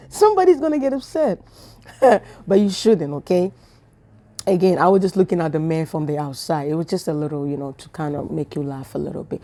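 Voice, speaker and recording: Chatty woman with a low, mellow voice. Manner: chatty storytelling with laughs and whispered asides. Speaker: spiritual vlogger. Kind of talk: casual spiritual talk to camera.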